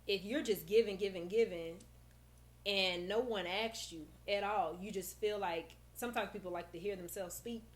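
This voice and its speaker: A woman therapist, a guest on a podcast, explaining in a lively, casual way and acting out how she talks with her young clients. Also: mid-range voice, moderate pace.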